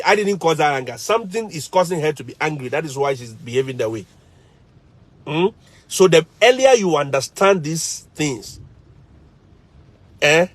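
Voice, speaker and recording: A man's voice: fairly high pitch, fairly bright tone, no room sound. A man, a teacher and vlogger, chatting casually on a live stream, telling stories animatedly, laughing often and repeating phrases.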